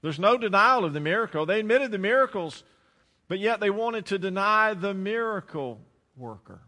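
Man, pastor, sermon, high voice, emphatic dramatic delivery, long hall reverb. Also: expressive, pushed and bright. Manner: preaching with rising emphasis and dramatic pauses.

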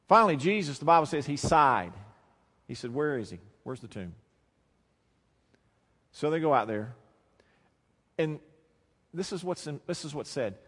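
A man preaching a sermon, swinging between quiet, low passages and loud, emphatic lines. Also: expressive, moderate pace, pauses often. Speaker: pastor. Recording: long hall reverb.

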